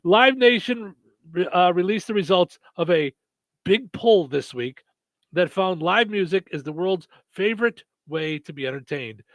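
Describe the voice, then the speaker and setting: A man's voice: high voice, expressive, measured pace, a bit bright, no echo. A man hosting a radio morning show, chatting casually with many fillers and restarts. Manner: rambling, lots of fillers and restarts.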